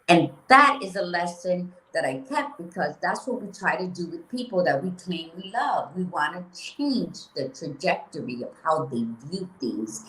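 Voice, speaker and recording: A woman co-hosting a laid-back motivational talk, blunt and lively, swearing freely. Her voice sits a little low, and the room has a noticeable echo. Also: moderate pace, hardly any pauses. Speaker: podcast co-host. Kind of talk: casual motivational chat.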